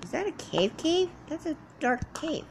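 A woman's voice: high voice, very animated, moderate pace, vocal fry, background noise. A woman doing in-character survival roleplay commentary while playing, rambling to herself and chatting to the animals around her. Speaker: game roleplayer.

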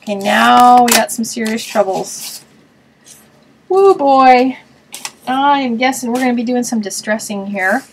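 A woman's voice: a little high, moderate pace, hardly any pauses, a little hiss or hum, low-quality recording. Chatty woman thinking aloud while crafting. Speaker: host of a card-making web show. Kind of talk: casual live-stream crafting chat.

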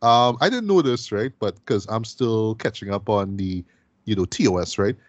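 A man's voice: lowish voice, moderate pace, no room sound, highs cut off. A man hosting a casual film review podcast, talking things through in a chatty way and tagging many phrases with "right?".

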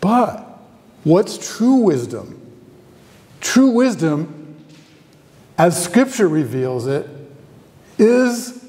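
A man delivers a university lecture with a somewhat high, mellow voice, speaking conversationally and turning to the audience with questions. His voice carries the long reverb of a lecture hall. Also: big pitch swings, drawn-out words, long pauses. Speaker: guest lecturer, theology professor.

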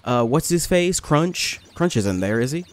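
A man giving casual let's-play commentary, complaining, swearing and getting excited as he plays. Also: a little high, unhurried. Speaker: gaming video host.

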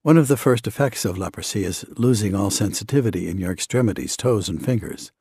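A man narrating a devotional book in the first person, with a measured, earnest reading. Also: fairly low pitch, a little mellow, breathy edge, dry recording, clean studio sound. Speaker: audiobook narrator.

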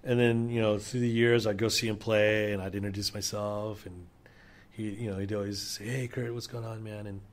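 A man's voice: lowish voice, level tone, moderate pace. A middle-aged man, a session drummer, telling stories casually in an interview, loose and enthusiastic with plenty of fillers and swearing.

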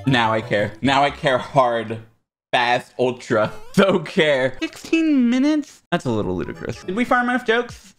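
A young man with a fairly bright, somewhat high voice streams himself playing a platform game. His commentary is casual, sarcastic and self-mocking, and he yelps and swears whenever he fails.

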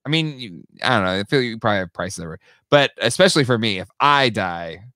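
Lively excitable man chatting about toys. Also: lowish voice, quick pace, no room sound, clean studio sound. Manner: excitable, animated, laughs often. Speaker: toy podcast co-host. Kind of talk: casual chat.

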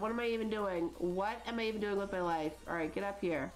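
A woman in her thirties chats away while she plays a life-sim game, rambling with plenty of likes and you-knows. Her voice sits in an ordinary middle pitch. Faint music plays underneath. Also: steady tone, fast. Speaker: gaming channel host.

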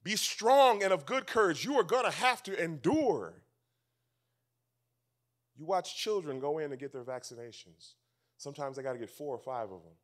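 A male pastor preaching a sermon at a church camp meeting, swinging from loud emphasis to hushed near-whispers and repeating his key phrases. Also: on the high side, expressive, normal speed.

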